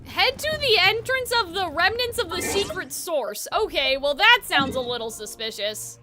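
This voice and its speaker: Over game music, a woman with a very high, expressive voice streams a video game at a normal pace. She rambles through casual commentary, swears freely, and laughs at her own jokes.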